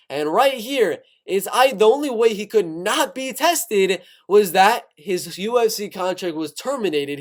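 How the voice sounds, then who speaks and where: A man hosting a casual fight-sports news video, excitable, often asking his viewers questions directly. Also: high voice. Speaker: MMA news YouTuber.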